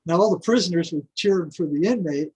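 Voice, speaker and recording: Husky-voiced older man telling stories. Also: on the high side, fast, low-quality recording. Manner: animated storyteller who repeats words and chuckles. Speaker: podcast guest. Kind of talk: casual storytelling.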